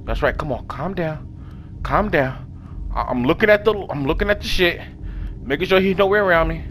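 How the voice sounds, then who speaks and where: High, lively, excitable gaming man. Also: brisk, a little hiss or hum. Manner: excitable, swings from hushed muttering to yelling; talks to game characters with slang and swearing. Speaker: gaming video creator. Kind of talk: live let's play commentary.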